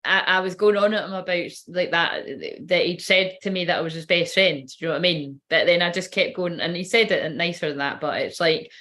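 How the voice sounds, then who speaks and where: A woman's voice: lowish voice, steady tone, a little fast, few pauses, sharp tone. A woman telling a personal story in a casual, rambling way, swearing freely and laughing often. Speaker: spiritual reader.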